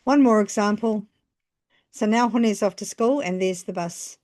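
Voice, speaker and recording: Slow, careful New woman teaching. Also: medium pitch, dark tone. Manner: slow, careful phrasing with pauses between examples. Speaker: language teacher. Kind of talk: scripted lesson narration.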